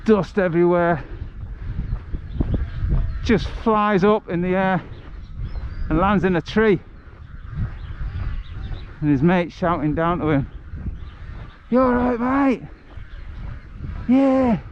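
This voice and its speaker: This travel livestreamer talks slowly in a high-sitting voice, leaving long pauses as he strolls through the countryside telling jokey stories he laughs at himself. The recording is muffled with a bit of hiss or hum.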